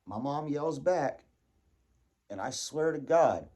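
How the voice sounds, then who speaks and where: A man telling a casual personal story, animated and laughing, acting out his own panicked thoughts. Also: fairly high pitch, slow pace.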